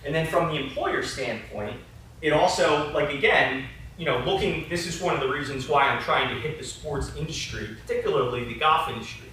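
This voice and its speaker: A man gives a loose, conversational talk at a conference, his voice bright and forceful. The sound comes from a distance in a very echoey hall, with a faint hiss underneath. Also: fairly high pitch, fairly quick. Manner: conversational, with frequent "you know" and "right?". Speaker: conference presenter. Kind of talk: casual conference presentation.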